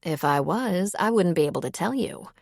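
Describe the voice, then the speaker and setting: A woman's voice: lowish voice, lively intonation, normal speed, gravelly, darkish tone, no room sound. A woman voicing a sly, guarded female bartender with a dry, knowing manner, in an audiobook.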